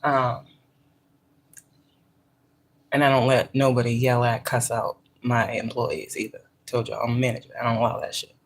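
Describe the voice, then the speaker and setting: A woman's voice: extremely low pitch, flat delivery, moderate pace, pauses often. A woman giving a casual spiritual pep talk, cursing freely and talking with emphasis. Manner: profane and emphatic, acting out quoted voices. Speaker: spiritual teacher; workplace manager.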